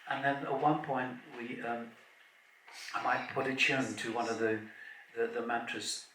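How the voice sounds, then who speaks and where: A man giving an informal, rambling devotional talk at a festival opening, with anecdotes and halting restarts. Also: medium pitch, fairly even intonation. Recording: roomy, distant mic, background noise.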